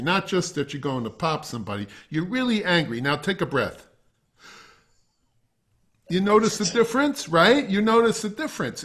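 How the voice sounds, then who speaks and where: Man, middle-aged, music teacher, masterclass lecture, conversational, a little high-pitched. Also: a bit bright. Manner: conversational, talks to a class and has them try breathing exercises. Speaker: wind instrument teacher.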